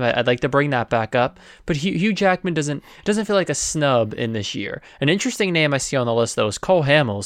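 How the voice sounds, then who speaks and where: A man's voice: medium pitch, smooth, no room sound, clean studio sound. A man co-hosting a casual podcast, chatty, leading the segment questions. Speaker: podcast co-host. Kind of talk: casual sports podcast chat.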